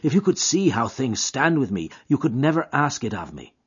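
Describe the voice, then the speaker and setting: A man's voice: mid-range voice, very animated, normal speed, breathy edge, voice pushed up. A man playing a young lover with a coaxing, earnest brogue, on a dull lo-fi recording. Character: young Irish man, smooth-talking, secretive lover.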